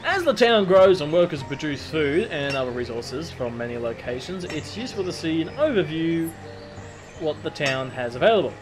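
An Australian man talks his way through a game tutorial in loose, rambling commentary, reading the on-screen text aloud and dropping the odd casual swear. His voice sits a little on the high side, and music plays clearly underneath him. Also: animated, moderate pace. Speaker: gameplay commentator.

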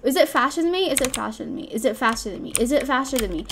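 A young woman hosting a gaming channel, giving excitable live commentary with loud exclamations as she plays. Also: a little high, fairly quick, noisy background.

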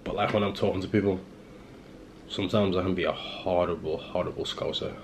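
A man's voice: deep voice, fairly even intonation, fairly quick, a little hiss or hum, rough recording. A young man from Liverpool chatting to his camera at home in a rambling, self-mocking way, full of fillers and restarts. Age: young adult. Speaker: vlogger. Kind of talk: casual rambling vlog chat. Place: at home indoors.

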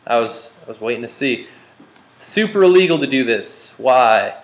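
A man's voice: medium pitch, animated, moderate pace, slight background noise. A man teaching a math class, joking and quizzing his students as he works problems. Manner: playful, jokey, asks the class questions. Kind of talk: classroom lecture.

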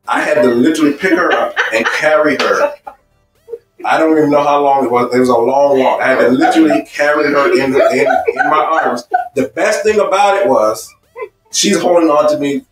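A man's voice: a little high, normal speed, recorded from a distance, faint music behind. Emphatic man teaching a seminar, echoey. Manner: emphatic and repetitive, stacking phrases; illustrates points with personal stories. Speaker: marriage seminar speaker. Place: seminar room.

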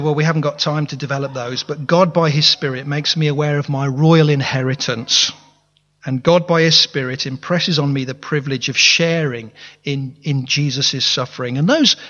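A man's voice: on the high side, a bit bright. A man preaching a sermon in a church, earnest, often restarting his words and asking the congregation questions. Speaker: pastor. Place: church hall. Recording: reverberant hall, dull lo-fi sound.

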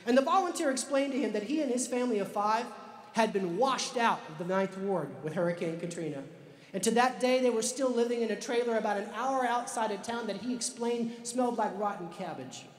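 A man telling a story to a live audience, slowing down for emphasis like a dramatic storyteller. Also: extremely high pitch. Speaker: author and speaker. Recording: echoey hall with long reverb.

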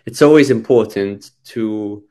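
A man's voice: on the low side, unhurried, warm tone. A man giving a conversational teaching talk on medical communication, thoughtful, with frequent restarts and repeated words. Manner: thoughtful, many restarts and repetitions. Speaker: psychiatry lecturer.

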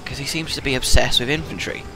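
A man giving live gameplay commentary with excitable, swearing trash talk. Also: mid-range voice, fast talker, music in the background. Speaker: gaming video host.

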